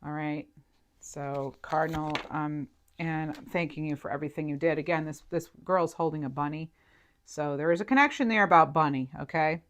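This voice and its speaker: A woman's voice: low-pitched, fairly bright tone. A woman giving an intuitive tarot reading to her viewers, chatty and emotional, thinking aloud with many fillers. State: near tears at moments. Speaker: tarot reader.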